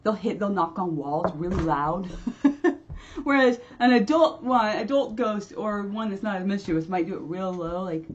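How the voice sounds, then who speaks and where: Answering viewers in a relaxed livestream chat, this medium and channel host rambles, laughs frequently, and keeps restarting sentences. Her medium-pitched voice has lively intonation and a normal speed, though the recording is muffled with a little hiss or hum.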